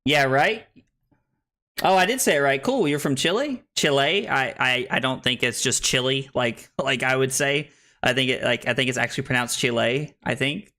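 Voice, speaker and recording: A man's voice: mid-range voice, moderate pace, bright, forceful tone. A young American man casually commenting on his card game stream, thinking aloud with many restarts. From United States.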